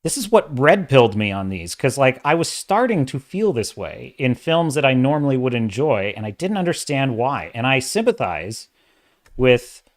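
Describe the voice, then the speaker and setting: Male commentary host, casual rant, exasperated and animated, uneven bursts of speech. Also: mid-range voice, normal speed. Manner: opinionated, exasperated, talks in bursts with restarts. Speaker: host of a sci-fi and fantasy commentary channel. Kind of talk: casual ranting commentary livestream.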